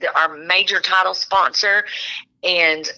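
Bubbly older Texan woman, bright voice. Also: on the low side, steady tone, slow, rough recording. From Texas. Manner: bubbly, laughs often, Southern drawl. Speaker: guest author. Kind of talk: casual interview chat.

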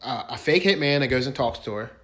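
A man's voice: mid-range voice, expressive, quick pace, fairly bright tone. A man in casual podcast chat, retelling a true-crime episode and acting out the people in it. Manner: acts out quoted people with shifting voices, uses "bro". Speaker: podcast co-host.

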